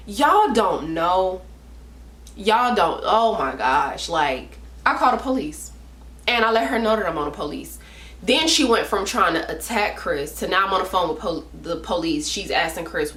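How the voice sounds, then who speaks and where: A woman's voice: medium pitch, lively intonation, measured pace, a bit bright, roomy sound. A woman telling a personal story in a casual storytime vlog, talking emphatically with slang and repeating herself for stress. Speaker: vlogger.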